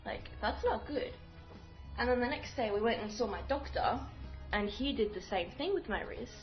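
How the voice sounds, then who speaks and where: A woman's voice: fairly high pitch, expressive, normal speed. A young woman, telling a story to her viewers in a chatty, rambling way, acting out what people said. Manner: chatty, rambling with fillers and acted-out quotes. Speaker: vlogger. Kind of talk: casual storytelling to camera. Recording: dull lo-fi audio with faint music.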